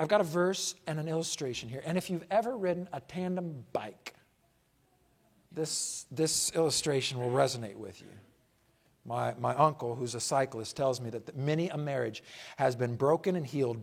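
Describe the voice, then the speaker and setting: With a gravelly, mid-range voice, a man preaching a sermon hammers his points through repetition and emphasis. He asks rhetorical questions and moves from booming pronouncements to quiet asides.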